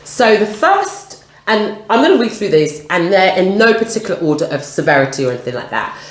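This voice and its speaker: A woman's voice: on the low side, sing-song, brisk. Chatty woman host in an echoey room. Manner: chatty, leads the talk with questions. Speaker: vlog host. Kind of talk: casual chat while eating. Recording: roomy echo, faint noise.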